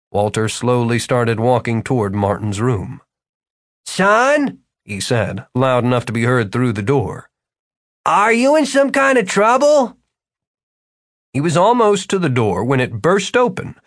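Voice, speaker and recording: A man narrating an audiobook, with expressive storytelling. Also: mid-range voice, dry recording, studio quality. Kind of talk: scripted narration.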